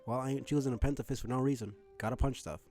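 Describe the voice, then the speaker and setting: A man's voice: medium pitch, fairly even intonation, racing, darkish tone, soft background music, close to an everyday voice. A man voicing a brash young brawler who talks in laid-back slang. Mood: cocky.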